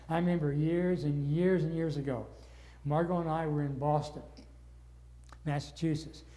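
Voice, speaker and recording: Older man, from the northern United States, Bible study lecture, warm dark tone, earnest. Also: on the high side. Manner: earnest teaching, gets wound up.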